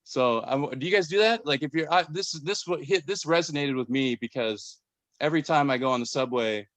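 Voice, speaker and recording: A man's voice: a little high, brisk, a bit bright, dry recording. A man in his forties from Minnesota, hosting a casual podcast chat and rambling with many restarts. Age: 40s. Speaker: podcast host.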